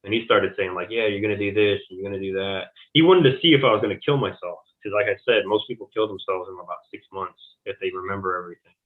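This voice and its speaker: Low-voiced man on a tinny line. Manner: halting, many fillers and restarts. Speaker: interview guest. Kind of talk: conversational recounting of personal experiences. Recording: tinny phone-like audio.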